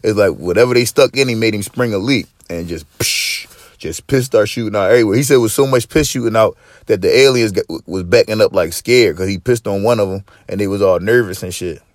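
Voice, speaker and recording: A man's voice: on the low side, quick pace, no echo, studio quality. Profane, rambling podcast host man. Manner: profane, rambling, lots of fillers and repeats. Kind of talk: casual chat.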